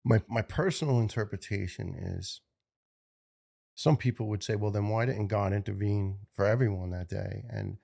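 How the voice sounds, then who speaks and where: Man, middle-aged, from New York, gravelly lowish voice, earnest halting interview storytelling. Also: a little mellow. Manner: earnest, emotional, halting with repeated words. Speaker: interview guest, retired firefighter. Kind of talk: reflective personal storytelling.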